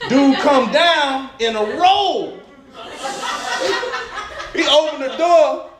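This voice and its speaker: A man doing stand-up comedy, telling profane stories in an animated way and laughing at his own jokes. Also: very high voice, drawn-out words, crowd noise. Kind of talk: stand-up storytelling. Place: comedy club stage. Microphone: stage mic. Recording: echoey club from a distant mic. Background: audience laughter.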